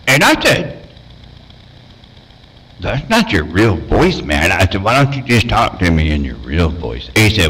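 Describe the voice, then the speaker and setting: A man with a very deep, gravelly voice chimes in on a radio feud, amused and rambling. His pitch swings widely as he tells stories, with faint noise behind. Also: sing-song, normal speed, fairly bright tone, poor audio. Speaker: CB radio operator. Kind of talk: commentary on an on-air feud.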